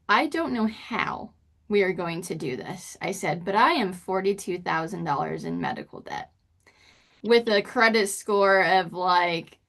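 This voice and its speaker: Middle-aged woman guest, animated storyteller, voice leaps up when quoting herself. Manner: expressive, pitch jumps when acting out quotes. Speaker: podcast guest. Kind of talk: casual storytelling interview.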